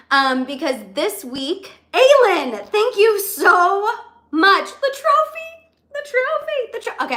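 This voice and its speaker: Young female livestream host, high-pitched and chatty, repeats herself a lot while dishing celebrity gossip. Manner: chatty, animated, repeats phrases.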